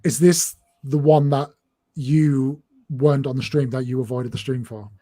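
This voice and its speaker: A man's voice: mid-range voice, fairly even intonation, measured pace, dark tone. A man from northeast England with a northeast English accent, hosting a casual livestream chat and rambling along with lots of fillers and restarts. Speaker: host.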